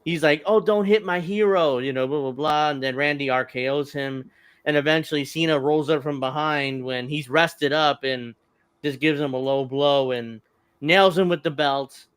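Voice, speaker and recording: A man's voice: medium pitch, steady tone, moderate pace, fairly bright tone, clear, resonant tone, no room sound. A man hosting a casual wrestling podcast, recapping a match in a rambling way with chuckles. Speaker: podcast host. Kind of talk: casual wrestling review chat.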